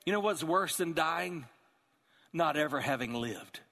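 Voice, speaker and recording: Animated preacher in a reverberant hall. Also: male voice, fairly high pitch, unhurried. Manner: animated storytelling, acting out characters. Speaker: pastor. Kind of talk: sermon.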